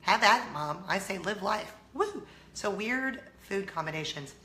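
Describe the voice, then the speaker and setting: A woman's voice: mid-range voice, lively intonation, normal speed, sharp tone, reverberant, slight background noise. A middle-aged American woman hosting a casual chatty vlog, bubbly and self-teasing, laughing often. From United States. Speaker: vlog host.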